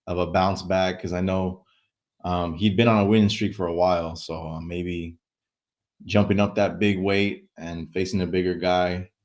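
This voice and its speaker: A man co-hosting a casual sports chat show, relaxed and easygoing, often trailing off into filler words. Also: low voice. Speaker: co-host.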